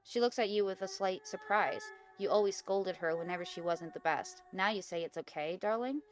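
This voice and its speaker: A woman's voice: medium pitch, normal speed. Giggly young woman reading a horror game. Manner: casual, giggly, stumbles over words. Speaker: gaming video host. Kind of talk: reading aloud an interactive horror story game.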